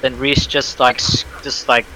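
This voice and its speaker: A man's voice: medium pitch, flat delivery, measured pace, sharp tone, a little hiss or hum, low-quality recording. A man on a livestream voice call, casually recounting a shooter match. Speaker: voice chat guest. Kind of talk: casual gaming chat.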